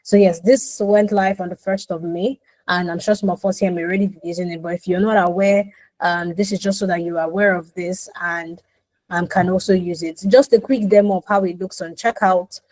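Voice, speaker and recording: A woman's voice: fairly low pitch, fairly even intonation, brisk, darkish tone, no echo, low-quality recording. A woman presenting a product demo on a video call, explaining step by step with frequent ums.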